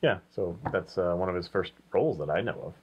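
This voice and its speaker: A man's voice: sits low, animated, a little fast, husky, dull audio. A man co-hosting a movie review show, talking in casual, joking banter and laughing often.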